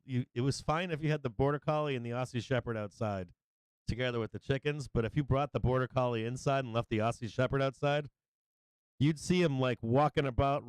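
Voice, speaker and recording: A man's voice: medium pitch, smooth, no room sound. A man hosting a livestream, telling rambling stories in casual chat, swearing and laughing often. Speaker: livestream host.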